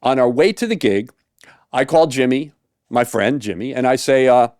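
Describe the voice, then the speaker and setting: A man who tutors saxophone tells a story casually, full of fillers and acted-out quotes. His voice sits at a middle pitch, and the recording is dry and close. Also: normal speed, dry recording. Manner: animated, acts out quotes, many fillers.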